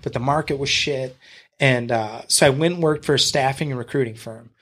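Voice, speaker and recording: Man swearing through a lively story. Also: mid-range voice, brisk. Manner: animated storyteller who acts out what people said, swears freely. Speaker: podcast guest. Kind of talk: casual podcast conversation.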